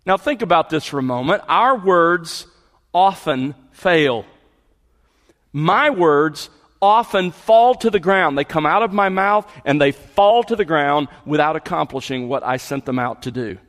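A man's voice: a little high, animated, unhurried, fairly bright tone. A middle-aged man preaching a sermon, explaining scripture and building to emphatic peaks. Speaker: pastor. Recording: long hall reverb.

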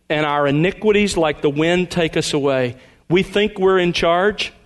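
A man pastor preaching a sermon, reading scripture aloud with earnest emphasis. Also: on the high side.

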